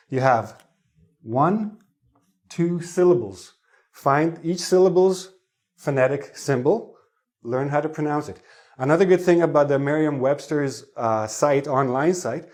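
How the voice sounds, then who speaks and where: A man's voice: medium pitch, darkish tone. A man teaching an English pronunciation lesson online, explaining in a chatty way and asking his viewers questions.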